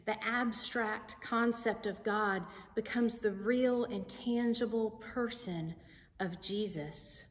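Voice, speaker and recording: A woman pastor preaching a sermon in a slow, deliberate, emphatic way. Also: fairly high pitch. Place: church sanctuary. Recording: sanctuary with long reverb.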